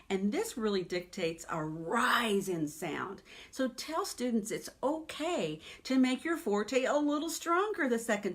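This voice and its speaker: A woman piano teacher giving a teaching webinar in a chatty, emphatic way, often checking in with "okay?" and "right?". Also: mid-range voice.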